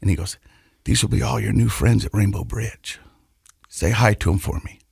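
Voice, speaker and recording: A middle-aged man co-hosting a podcast, telling a personal story in an earnest, halting way and often repeating his words. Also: fairly low pitch, gravelly, darkish tone, slightly rough, no room sound, clean studio sound. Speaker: podcast co-host.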